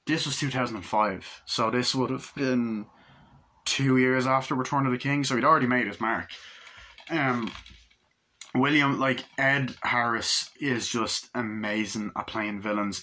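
Man, casual film review, bright voice, profane, rambling. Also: mid-range voice. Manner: loose, profane, full of fillers and retellings. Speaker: movie reviewer.

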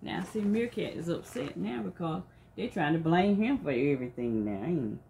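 A woman reading a storybook aloud to children, pausing to ask them coaxing, leading questions about feelings. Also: on the low side, expressive, gravelly, dark tone, slight background noise.

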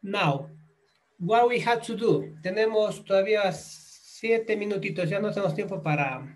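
A man's voice: high voice, normal speed, low-quality recording. A man whose first language is Spanish, talking casually to his class in hesitant English with many fillers. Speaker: classroom teacher.

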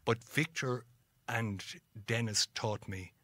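Taking it slowly in a mid-range voice, a middle-aged Irish man guests on an interview and tells stories. He's animated, acting out the voices of people in his anecdotes.

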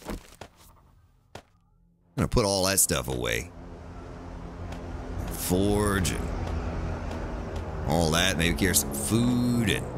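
A man's voice: low voice, animated, takes it slowly, long pauses, noisy background. A man streaming a survival game, chatting playfully with his viewers and joking as he plays. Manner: playful, jokey, talks to chat and the game. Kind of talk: casual gameplay commentary.

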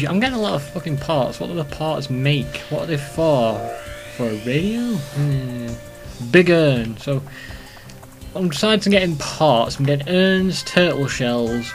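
A young man giving rambling, profane commentary while playing a video game, excitable and talking to himself. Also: medium pitch. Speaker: let's play host. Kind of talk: casual gameplay commentary.

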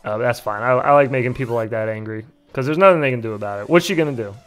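A man's voice: medium pitch, racing, fairly bright tone, faint music behind. A man in his thirties hosting a casual livestream, telling a story with laughs and swearing. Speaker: livestream host.

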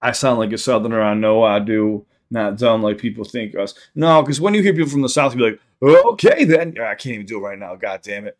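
Rambling high streamer from Chicago. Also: male voice, fast talker, few pauses. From South Side of Chicago. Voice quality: rambling, profane, repeats himself. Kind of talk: casual livestream chat.

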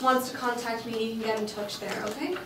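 High-voiced woman teaching in a classroom. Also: steady tone, a little fast, a bit bright, a little hiss or hum. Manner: patient, checks understanding with frequent okay. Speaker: Spanish teacher. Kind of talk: classroom lesson. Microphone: distant room microphone. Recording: echoey classroom, mic far off.

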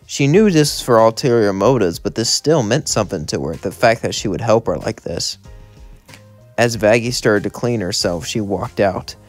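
A man's voice: fairly low pitch, lively intonation, normal speed, soft background music. Man rambling through a fan story. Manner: rambling, linking lines with "as". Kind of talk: fan story read-aloud.

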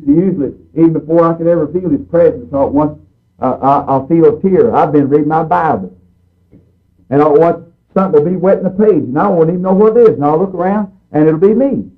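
A man's voice: on the high side, fairly quick. A man preaching a fervent sermon in a folksy, emphatic way, repeating his points over and over. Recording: tinny phone-like recording.

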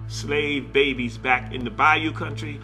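A man's voice: medium pitch, steady tone, pushed and bright, faint music behind. A man, a collector, telling a story in an interview, stopping and restarting and quoting what others said to him. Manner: halting retelling, quoting others as "he said".

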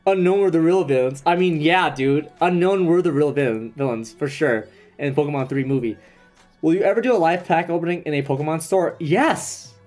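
A young man live-streaming a card pack opening, chatting excitedly with viewers and swearing casually. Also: a little high, soft background music. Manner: excitable, swearing, quick asides to chat. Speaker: streamer opening trading cards.

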